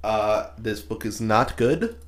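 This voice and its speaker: A man's voice: lowish voice, slow. A man co-hosting a podcast, tossing in joking, sarcastic one-liners and laughing often. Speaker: podcast co-host. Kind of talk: casual podcast banter.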